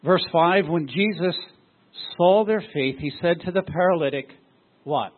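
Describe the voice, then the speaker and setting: A man's voice: a little high, a little slow. A man preaching a sermon as pastor, often throwing rhetorical questions at his congregation. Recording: tinny phone-like sound.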